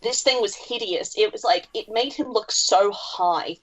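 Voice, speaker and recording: A woman's voice: medium pitch, measured pace. A woman co-hosting a podcast, giving wry, opinionated takes and swearing freely. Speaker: podcast co-host. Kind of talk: casual chat. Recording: dull lo-fi podcast audio.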